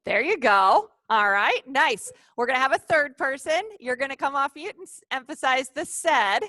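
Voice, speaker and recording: A woman's voice: sits high, lively intonation, normal speed, bright, forceful tone, no echo. A woman leading a live online training session over a video call, upbeat and coaxing the participants.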